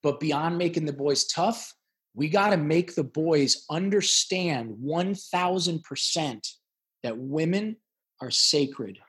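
A middle-aged man talks as a podcast guest with a raspy, husky voice sitting slightly high. He speaks with raw intensity and emphasis, repeating words as he pushes his points. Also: slow pace, a bit bright. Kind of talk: emotional interview talk.

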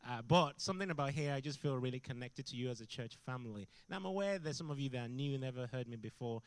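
A middle-aged man preaching as a guest in a church, intense and animated, breaking into shouts as he tells stories. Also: medium pitch, quick pace, smooth, no echo. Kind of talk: sermon. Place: church hall.

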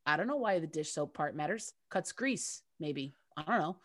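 A woman co-hosting a casual podcast chat, telling a story in a lively, swearing, joking way. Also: deep voice, moderate pace. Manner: lively, profane, storytelling with asides. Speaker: podcast co-host.

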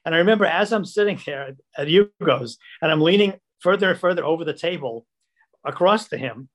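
Older guy telling stories in a podcast chat, slightly high voice, gets animated acting out everybody's lines. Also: brisk. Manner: animated, acts out quoted dialogue. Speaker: producer. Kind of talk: casual storytelling.

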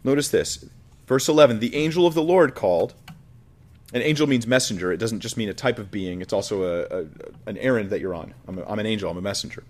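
A man's voice: on the low side, expressive, fast, darkish tone. A man preaching a Bible study, reading verses aloud and explaining them in an earnest, reflective way. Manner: earnest, reflective, with frequent restarts. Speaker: pastor. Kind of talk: expository Bible teaching.

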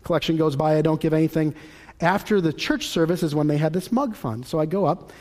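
A man leads a church teaching session like a relaxed storyteller. His voice sits a little high for a man, and he slips into the people in his anecdotes as he talks them through. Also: a little fast. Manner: lively storyteller who acts out dialogue, conversational. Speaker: Christian teacher. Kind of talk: sermon-style teaching with personal stories.

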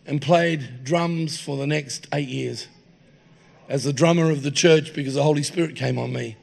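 Male preacher, anecdotal and jokey, gravelly raised pitch. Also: normal speed, darkish tone. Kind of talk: humorous sermon storytelling. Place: church hall.

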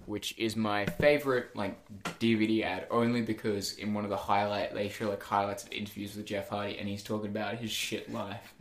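A man's voice: lowish voice, flat delivery, a little fast, reverberant, soft background music. A young man, co-hosting a casual podcast in a playful, rambling way. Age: young adult. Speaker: podcast co-host. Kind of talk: casual chat.

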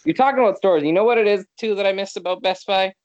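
A man's voice: high voice, fast talker, no echo, highs cut off. A man from Canada co-hosting a podcast, chatting casually and ranting with exasperation. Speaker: podcast co-host. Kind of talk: casual chat.

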